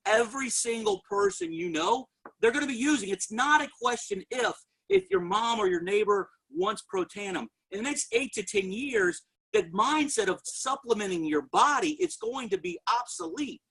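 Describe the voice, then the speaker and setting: A man giving an energetic motivational sales testimony and talking straight to his audience as a network marketing presenter. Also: very high voice, moderate pace, vocal fry, husky, poor audio.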